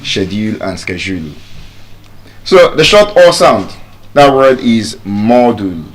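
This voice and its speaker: A man with a Nigerian English accent giving a live pronunciation lesson to an audience, repeating each word slowly to drill it. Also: on the low side, lively intonation. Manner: deliberate, drills words by repeating them slowly. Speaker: pronunciation teacher. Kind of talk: live public speaking lesson.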